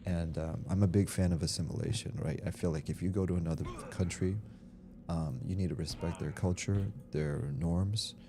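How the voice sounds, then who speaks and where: A man's voice: low-pitched, fairly even intonation, moderate pace, background noise. A man streaming a game, rambling casually, reading chat aloud and laughing easily. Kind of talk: casual livestream chat while gaming. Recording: game music playing behind. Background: game music.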